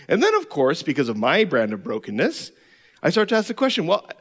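Animated man preaching in a reverberant hall. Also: sits high, fast, husky. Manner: candid, self-deprecating storytelling with laughs. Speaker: pastor. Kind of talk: sermon.

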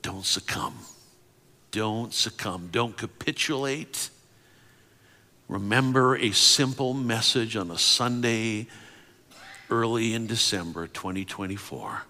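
A male pastor giving a sermon, moving from impassioned preaching to soft whispered prayer. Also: on the low side, slow pace. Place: church sanctuary. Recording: long reverb of a large hall.

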